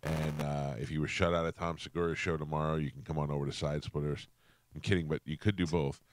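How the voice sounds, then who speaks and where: A man with a very low, smooth voice hosts a morning radio show, trading jokes and teasing his guests. His mic is close and dry in the studio. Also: level tone, quick pace, no room sound. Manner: joking, teasing. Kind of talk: casual radio banter. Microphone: studio microphone.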